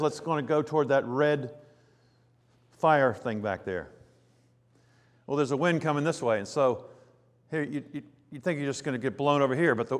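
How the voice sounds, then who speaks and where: A man preaching a conversational sermon in a church, asking the congregation questions and acting out quoted chatter. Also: mid-range voice. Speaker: pastor. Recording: long reverb of a church hall.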